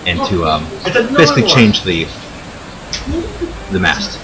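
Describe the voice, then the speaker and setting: A man's voice: low-pitched, big pitch swings, measured pace, noisy background. A man narrating a tabletop game as game master, rambling with many fillers and restarts. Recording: chatter of a crowd behind.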